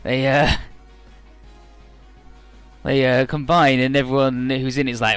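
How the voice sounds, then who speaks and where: A man's voice: medium pitch, little pitch movement, a little slow, pauses often, a bit bright, smooth, soft background music. Rambling, joking man narrating a game. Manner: joking, rambling, many "uh" fillers. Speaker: video game let's player. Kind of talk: casual game commentary.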